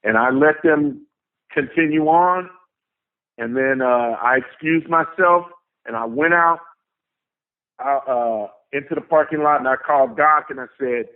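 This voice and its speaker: A man's voice: mid-range voice, normal speed. A man telling a story as a guest in an interview, talking in an emphatic way and swearing often, heard over a phone line. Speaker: guest, tour manager.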